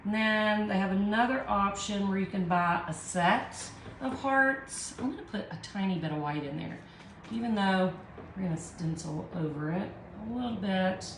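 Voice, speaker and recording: A woman's voice: mid-range voice, moderate pace, a little hiss or hum. A woman with a Southern US accent hosting a live art tutorial, chatting with viewers and talking herself through each step in a self-deprecating way. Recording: echoey room.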